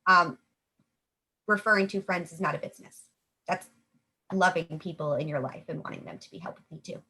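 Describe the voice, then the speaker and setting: A woman's voice: lowish voice, fairly quick, pushed and bright, breathy edge. A young adult woman talking from home, coaching in a chatty, upbeat way and acting out sample sales conversations. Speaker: network marketing coach. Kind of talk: casual coaching talk.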